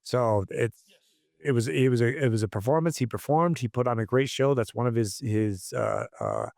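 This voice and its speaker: A man's voice: medium pitch, sing-song, moderate pace, gravelly, darkish tone, no room sound, studio quality. A man coaching combat sports, telling stories in a casual interview, blunt and profane with many restarts.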